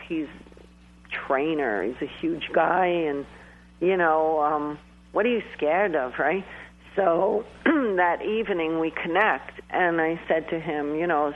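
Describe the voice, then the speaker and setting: A man's voice: a little high, slow, slight background noise. Man talking over a tinny phone line. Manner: rambling, hesitant, full of restarts and fillers. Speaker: guest psychic medium. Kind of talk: telling a personal story on a call-in interview. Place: calling in from home in New York.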